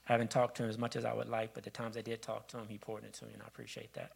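A man giving an earnest farewell tribute to his pastor in church, halting and restarting. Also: lowish voice, completely flat delivery, gravelly, slightly rough, poor audio. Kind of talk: heartfelt church farewell speech. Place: church sanctuary.

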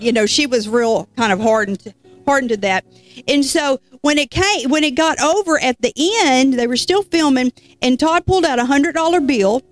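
A woman preacher telling a story in an animated, folksy sermon, with casual asides to the congregation. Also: a little high, no room sound.

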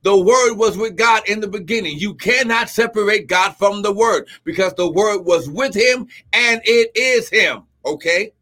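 A man preaching a livestream sermon as pastor, teaching slowly, then shouting, crying out and speaking in tongues. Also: sits high. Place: church livestream with music behind.

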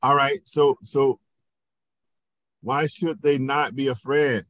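A man, a pastor, teaching a Bible lesson in a slow, questioning way and often checking in with his listeners. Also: mid-range voice, fairly even intonation, a bit bright, no echo.

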